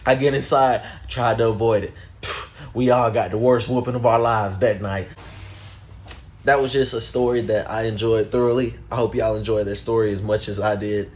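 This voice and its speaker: Man telling an animated story. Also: fairly low pitch, moderate pace, a little hiss or hum. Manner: animated, addresses viewers as guys and y'all. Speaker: storytime vlogger. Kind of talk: casual story-time narration.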